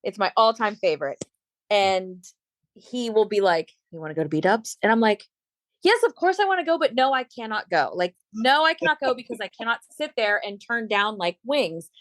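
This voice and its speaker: A chatty woman in her late thirties or forties, a bodybuilder and fitness coach, telling stories on a podcast and playing out both sides of each conversation. Her voice sits in an ordinary middle pitch. The sound is dry and close, with no room echo. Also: lively intonation, normal speed, a bit bright. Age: late 30s or 40s. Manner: chatty storyteller, acts out quoted dialogue. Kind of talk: casual chat.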